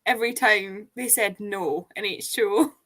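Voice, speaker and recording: A woman's voice: medium pitch, normal speed, fairly bright tone. A woman with a Fife Scottish accent, chatty and telling stories as a guest in a casual chat with friends. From Scotland. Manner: chatty, storytelling.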